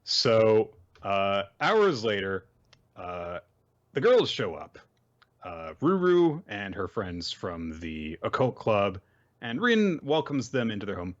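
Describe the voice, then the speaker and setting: A man's voice: lowish voice, very animated, slow, dull audio. A man hosting a podcast, giving a chatty, casual manga recap and acting out quotes as he goes. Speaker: podcast host.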